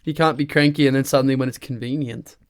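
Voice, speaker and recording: A man's voice: mid-range voice, steady tone, quick pace. An Australian man hosting a podcast, chatty and joking, full of slang, in a casual conversation. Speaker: podcast host. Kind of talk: casual chat over a beer.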